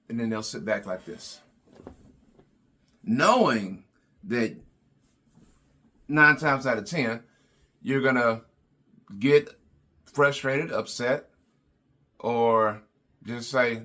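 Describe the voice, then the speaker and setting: A man's voice: medium pitch, extremely slow, long pauses, bright, forceful tone. A car salesman talking through buying advice in a plain, repetitive way with lots of fillers. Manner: plain-spoken, repeats words, many fillers. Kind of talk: advice vlog talk.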